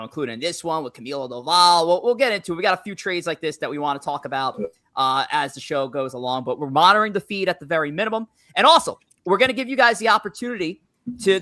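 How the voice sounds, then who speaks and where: A man's voice: fairly high pitch, bright, forceful tone, no echo, studio quality. A man hosting a live sports stream, reading out news updates in an upbeat, chatty way. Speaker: stream host.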